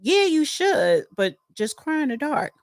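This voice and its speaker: Woman, podcast co-host, unhurried and higher-pitched, frank talk from home, dry close sound. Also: big pitch swings, dry recording. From East Orange, New Jersey. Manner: chatty and frank, calls listeners honey. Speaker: podcast co-host reading live chat. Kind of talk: casual livestream chat.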